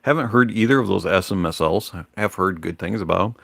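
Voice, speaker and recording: A man hosting a livestream in a relaxed, rambling manner, pausing often on fillers. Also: low-pitched, creaky, dry recording. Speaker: livestream host. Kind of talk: casual livestream chat.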